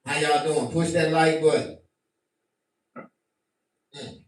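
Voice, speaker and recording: A man doing a profane stand-up rant to his stream, animated and bursting into shouts. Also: a little high, takes it slowly. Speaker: comedian. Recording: very echoey room, mic at a distance.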